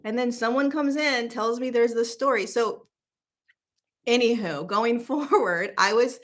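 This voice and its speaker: A woman spiritual teacher and host telling a casual story in an animated, emphatic, chatty way. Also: a little high, unhurried.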